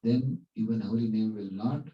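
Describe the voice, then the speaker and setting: A man's voice: lowish voice, steady tone, moderate pace. A man giving a devotional class, telling stories in a conversational way with fillers. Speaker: spiritual teacher. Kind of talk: devotional class talk with storytelling. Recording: echoey hall, distant dull mic.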